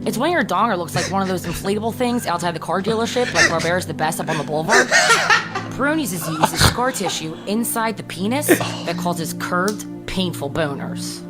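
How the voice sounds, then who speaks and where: Actress as brash South Philly announcer, Philadelphia accent, lower voice over ad music. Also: female voice, lively intonation, a little fast, close to an everyday voice. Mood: brash selling. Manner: brash, hard-selling. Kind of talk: comedy parody ad. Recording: played back with music behind.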